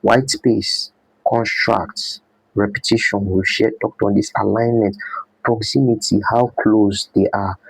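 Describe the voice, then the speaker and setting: Husky, low-voiced male design teacher. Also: level tone, measured pace, no echo, low-quality recording. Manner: repeats points and quizzes the class with "what?". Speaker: design instructor. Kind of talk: live class lecture.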